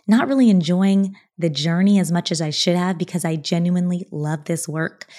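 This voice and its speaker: A woman in her thirties hosting a podcast, telling a personal story in an earnest, reflective way, breaking into bright laughs. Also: fairly low pitch. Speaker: podcast host.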